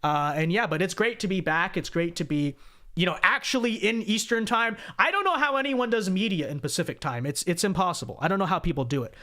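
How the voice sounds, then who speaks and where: A man's voice: high-pitched, lively intonation, brisk, sharp tone. A man hosting a political livestream, reading viewer donations in a chatty, repetitive way and tagging lines with "okay?". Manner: chatty, repeats phrases, frequent "okay?" asides.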